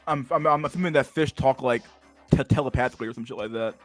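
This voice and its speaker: A man's voice: mid-range voice, fast, soft background music. A man hosting a casual livestream, rambling crudely and swearing as he reacts to memes. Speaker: livestream host.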